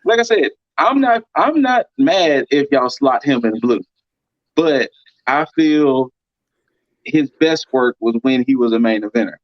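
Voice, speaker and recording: A man's voice: medium pitch, expressive, a little slow, no echo. A man in a casual panel chat giving blunt opinions, sometimes stumbling over words, on a slightly dull lo-fi mic.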